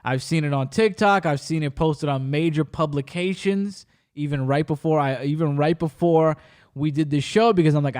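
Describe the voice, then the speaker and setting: A man's voice: a little high, moderate pace, darkish tone, clean tone. A man hosting a podcast, chatting casually and telling stories with jokes and cursing. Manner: joking storyteller who swears freely. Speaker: podcast host.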